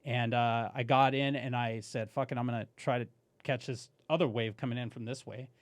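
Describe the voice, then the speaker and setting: A man guest on a podcast, telling a story in a casual, animated way, swearing and saying "dude" often. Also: medium pitch, fairly quick, dry recording.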